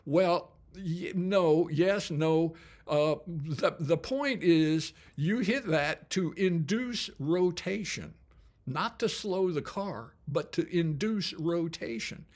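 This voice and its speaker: A man's voice: fairly high pitch, lively intonation, takes it slowly, darkish tone, pitched above the performer's own voice. A man doing a drawling Southern racing instructor. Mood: emphatic. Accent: American Southern. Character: good-ol'-boy Southern racing instructor, blunt and folksy.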